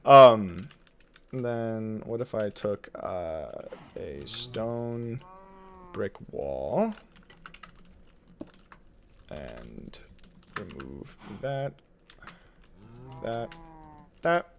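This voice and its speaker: A man's voice: lowish voice, big pitch swings, very slow, gravelly, pauses often. A man streaming a building game from his desk at home, thinking aloud in casual commentary, reading chat and chuckling often.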